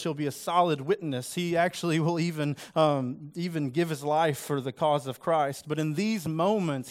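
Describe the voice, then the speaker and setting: A pastor with a fairly high, darkish-toned voice preaches a sermon in an earnest, conversational way, acting out quoted lines with rising emphasis.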